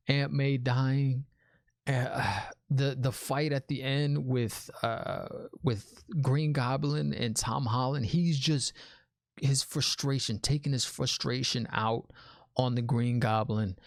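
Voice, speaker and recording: A man's voice: mid-range voice, vocal fry, no room sound, clean studio sound. A man giving a casual spoiler review of a movie. He talks in a chatty, enthusiastic way, restarts his sentences and often calls the listener "man". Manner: repeats himself and restarts sentences.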